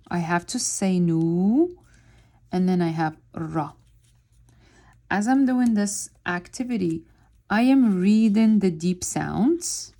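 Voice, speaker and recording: A woman teaching Arabic reading to beginners, sounding out words syllable by syllable in a slow, deliberate way. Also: fairly low pitch, creaky, warm tone. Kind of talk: spoken lesson while writing on a board.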